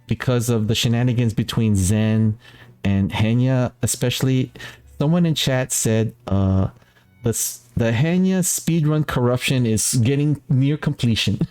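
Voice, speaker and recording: A man from the Philippines hosting a casual talk stream, rambling in an animated way and laughing often. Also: mid-range voice, clean tone. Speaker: talk show host. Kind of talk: casual chat.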